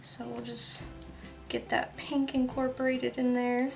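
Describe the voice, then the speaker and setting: A woman's voice: on the high side, flat delivery, a little slow, gravelly, faint music behind. A woman soap maker chatting casually as she works, laughing now and then through her stories. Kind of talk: casual crafting vlog narration.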